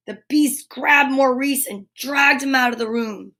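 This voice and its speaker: A woman reading a children's storybook aloud, animated, with gasps and asides to her listeners. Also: high-pitched, measured pace.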